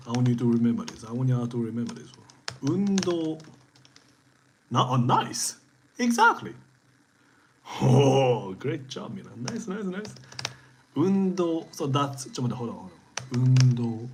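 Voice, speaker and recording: A Japanese-accented man leads a relaxed live-streamed lesson, his voice swinging up and down as he cheers his viewers on. He talks at a medium pitch. Faint room noise and keyboard typing sit under his voice. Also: normal speed, pauses often, poor audio. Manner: lively, encouraging, switches between English and Japanese.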